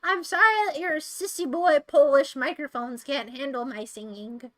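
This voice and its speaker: A woman's voice: high voice, normal speed. A young American woman streaming, chatting casually and playfully taunting her chat with mock boasts. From United States. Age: young adult.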